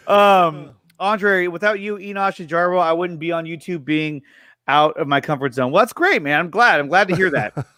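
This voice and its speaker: High bright-voiced young man hosting a livestream. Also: no room sound, clean studio sound. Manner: reads viewer messages aloud and thanks them, upbeat and chatty; quick laughs and frequent restarts. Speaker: host of a review and reaction show. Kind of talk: casual livestream chat.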